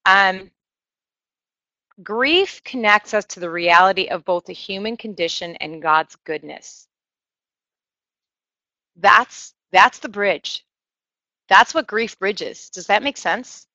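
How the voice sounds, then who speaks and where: A woman's voice: mid-range voice, animated, takes it slowly, pauses often, bright, forceful tone, no echo, highs cut off. A woman giving a conversational sermon to a church group, earnest and personal, with self-deprecating asides. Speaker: speaker teaching a church group.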